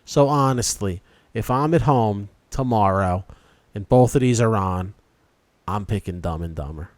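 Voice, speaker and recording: A man's voice: on the low side, no room sound. A man co-hosting a casual podcast, arguing his movie picks emphatically. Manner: animated, emphatic, quick to argue his picks. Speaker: podcast co-host.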